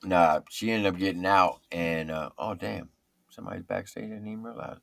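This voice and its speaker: A middle-aged man and military veteran telling war stories in casual, profane, animated talk. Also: low voice, fairly quick, creaky, no echo. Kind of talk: casual storytelling.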